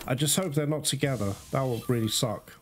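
A man giving casual gameplay commentary, talking straight to his viewers and quickly cursing when things go wrong. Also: medium pitch, music in the background. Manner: talks straight to viewers, quick to curse in frustration. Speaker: gaming video host.

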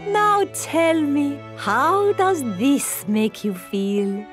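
A gentle gazelle music teacher from a children's cartoon, with a high voice that swoops all over. She speaks in an unhurried, patient, sing-song way over loud background music. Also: huge pitch swings, exaggerated voice.

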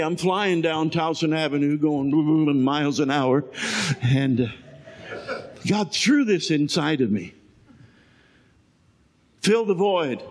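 An older man preaching a sermon, moving between shouted lines and quiet storytelling. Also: high voice. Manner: swings from shouting to hushed storytelling. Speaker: pastor.

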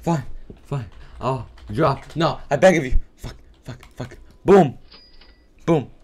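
A man giving live gameplay commentary for his video, excitable and full of profane trash talk. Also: mid-range voice, measured pace, slightly rough. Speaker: gaming video creator.

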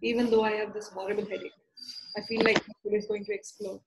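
A woman, an EFT practitioner guiding a tapping session with slow, repetitive affirmations for the listener to repeat. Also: mid-range voice, little pitch movement, very noisy.

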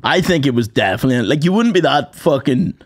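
A man's voice: medium pitch, expressive, fast. A young man telling stories on a podcast in an easygoing, sweary way, laughing often. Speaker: podcast co-host. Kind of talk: casual chat.

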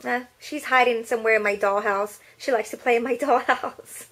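A woman's voice: on the high side, steady tone, moderate pace, fairly bright tone. A woman chatting casually to her viewers in a cutesy baby-talk way from her bedroom. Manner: bubbly and playful. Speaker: vlogger and martial arts student. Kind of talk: casual vlog chat.

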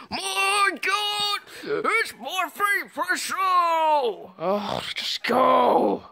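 A bright, piercing cartoon dog voice, done by a home-made movie performer that swoops wildly up and down. It drawls its words slowly and bursts into gasps and shouted exclamations, endlessly overexcited. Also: mid-range voice, creaky, full character voice. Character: excitable cartoonish pet dog.

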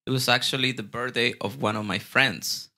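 A man's voice: medium pitch, steady tone, moderate pace, bright, forceful tone. A man with a Mexican Spanish accent, a Spanish speaker, telling stories as a guest in a casual way, repeating words and swearing now and then. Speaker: guest bartender. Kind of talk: casual storytelling.

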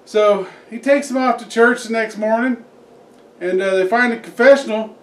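A man's voice: very high-pitched, normal speed. A man telling a joke in a rambling, folksy way, full of fillers. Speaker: joke teller, host. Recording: echoey room, distant mic.

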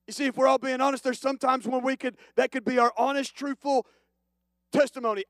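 A male pastor preaching a sermon, moving from hushed, slow passages to loud, emphatic declarations. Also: extremely high pitch, no echo. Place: church.

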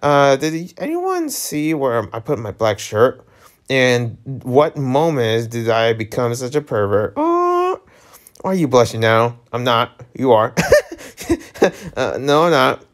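A man's voice: mid-range voice, sing-song, unhurried. A man casually reading a webtoon aloud, stumbling over lines and laughing at his own slips. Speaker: webtoon reader.

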